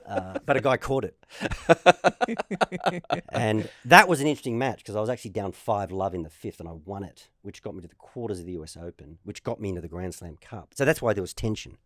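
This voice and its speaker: Clean studio audio with no room sound captures this Australian man's lowish voice, moving a little fast. In his fifties and formerly a tennis pro, he guests on a relaxed chat, animatedly recounting tales and performing others' quotes.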